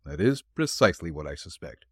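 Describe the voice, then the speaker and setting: A man reading the part of a calm, shrewd male detective who explains his clues dryly. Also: low voice, breathy edge, no room sound, full character voice. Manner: dry, explanatory, deliberate.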